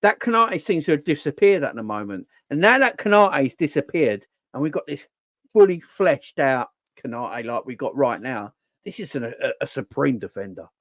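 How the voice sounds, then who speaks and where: A man hosting a casual football live stream, animated and slangy, answering the chat as he goes. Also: medium pitch, normal speed, no room sound. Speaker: football channel host.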